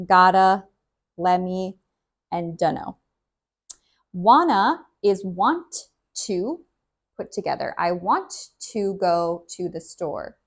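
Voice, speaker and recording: A woman English teacher who explains slowly and clearly and repeats example phrases for learners. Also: medium pitch.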